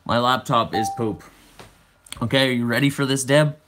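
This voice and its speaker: A man's voice: mid-range voice, fairly even intonation, moderate pace, a bit bright, a little hiss or hum. A man in his twenties hosting a casual livestream, chatting and answering viewer comments aloud. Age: 20s. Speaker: livestream host.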